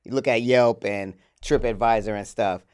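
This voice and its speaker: A man's voice: lowish voice, fairly even intonation, normal speed, a little mellow, clear, resonant tone. A man co-hosting a chatty podcast, talking loosely with lots of fillers and easy laughter. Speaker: podcast co-host. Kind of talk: casual chat.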